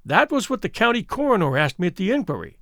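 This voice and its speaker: A man reading the part of a frightened young woman who recounts her twin sister's death, in an earnest, measured storybook telling. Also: sits high, very animated, vocal fry, a bit bright, dry recording, studio quality, heavily acted. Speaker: audiobook reader.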